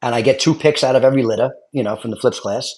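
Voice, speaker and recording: Brooklyn guy, middle-aged, new york accent, rattles off stories fast, laughs a lot. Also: mid-range voice. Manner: animated storyteller, acts out quotes, laughs often. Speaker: retired fire lieutenant, guest. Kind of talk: casual storytelling chat.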